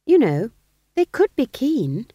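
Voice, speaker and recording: A woman reading, who puts on a young witch's voice that sits high and eager. She sounds fretful and defensive, as if pleading her case, and swings widely in pitch. The sound is dry and close. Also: big pitch swings, slow, warm tone, no room sound, heavily acted. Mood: earnest.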